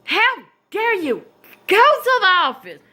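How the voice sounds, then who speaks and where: A woman doing a strict, indignant schoolteacher who barks orders in a raised, shrill voice. The tone is bright and cutting, and every sentence sounds like a reprimand. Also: sing-song, moderate pace, exaggerated voice.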